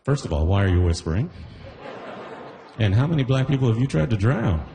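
A male stand-up comedian works a live room, his pitch swinging widely as he builds each joke. His voice is mid-range. Steady crowd and room noise sit clearly behind him. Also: brisk, long reverb tail. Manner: animated, jumps into put-on voices for bits. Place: live comedy venue with audience.

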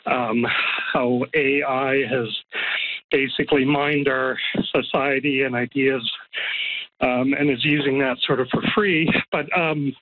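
A man's voice: medium pitch, fairly even intonation, unhurried, narrow, tinny audio. A man phoning in to a radio talk show as a psychoanalyst, slightly out of breath, hesitant and thoughtful with many ums. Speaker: caller, psychoanalyst. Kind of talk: radio call-in.

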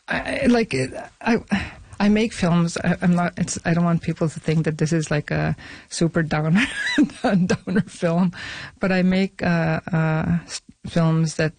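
A woman's voice: lowish voice, slow, a little mellow, no echo. A middle-aged woman, a film director and actor, talking casually in an interview with many fillers, restarts and frequent laughs.

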